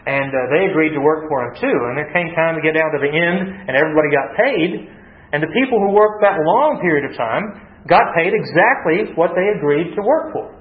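Slightly high-voiced man preaching a sermon. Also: expressive. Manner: halting, repeats words, reads scripture slowly. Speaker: pastor. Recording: roomy, dull lo-fi sound.

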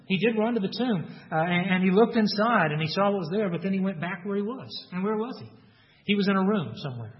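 A man's voice: fairly high pitch, in a large hall, muffled recording. A man with a Texas accent preaching a sermon, earnest, acting out quoted lines with rising emphasis. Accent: Texan. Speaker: pastor.

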